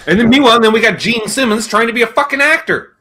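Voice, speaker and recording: Man, Canadian accent, casual host, rambling and profane, bright tone, animated pitch. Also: fast. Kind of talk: casual chat. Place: home music room with guitar pedals.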